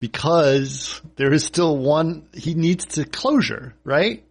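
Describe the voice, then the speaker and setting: A man with a slightly high, husky voice joins a relaxed film podcast chat. He adds details and trivia about the scene under discussion. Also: slow pace. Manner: chimes in with details and trivia, laughs easily. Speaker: podcast co-host.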